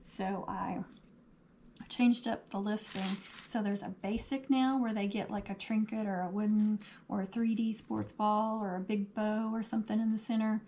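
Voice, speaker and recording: A woman hosting a casual craft livestream, her voice a little hoarse, chatting and answering viewer comments as she works. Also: mid-range voice, flat delivery, moderate pace, dark tone, slight background noise. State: losing her voice.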